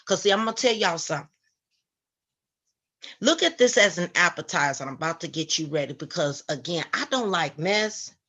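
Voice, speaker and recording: A woman with a bright, forward voice hosts a Christian live stream. She greets her viewers by name and talks in a preachy, animated way. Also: on the low side, normal speed, breathy edge. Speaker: Christian online show host. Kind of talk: casual live-stream commentary.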